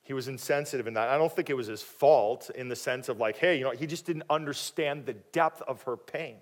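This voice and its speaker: A man preaching a sermon, animated and dramatic, acting out the people in the story and dropping quiet for questions to the listeners. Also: brisk. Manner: animated, acting out quoted voices with big swings in pitch and loudness. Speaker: pastor.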